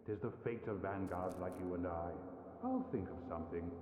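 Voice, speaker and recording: A deep, jovial armored knight. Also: male voice, expressive, darkish tone, slight background noise. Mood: reassuring. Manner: slow, chuckling, hums thoughtfully. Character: jovial bumbling middle-aged male knight in bulky armor. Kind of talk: video game voice acting. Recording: tinny, roomy game audio with long reverb.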